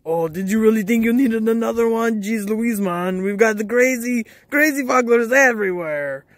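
A man voicing a bossy, cheeky male toy creature in a home toy-play story. The voice sits high and sounds dry and close. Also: normal speed, no echo, natural voice.

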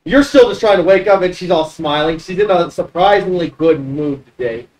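Brief: casual tabletop game master, animated pitch, sits back from the mic. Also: normal speed, far from the mic, rough recording. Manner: casual, rambling narration.

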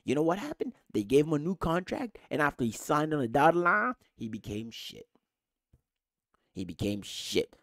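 A man's voice: fairly high pitch, very animated, moderate pace, creaky, fairly bright tone, no room sound. Sweary, ranting man. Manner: angry, sweary, emphatic ranting. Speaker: podcast host. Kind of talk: casual football rant.

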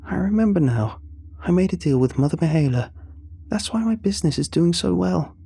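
A man's voice: lively intonation, a little fast, vocal fry, dark tone, breathy edge, heavily acted. A man voicing a desperate, tearful young woman who shrieks and begs in a horror story reading. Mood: anguished. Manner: shrill, pleading, sobbing delivery.

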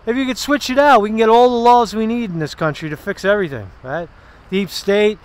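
High-pitched male vlogger, walking-and-talking political rant outdoors, loose and profane. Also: brisk. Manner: rambling, profane, sarcastic asides. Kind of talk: casual political commentary.

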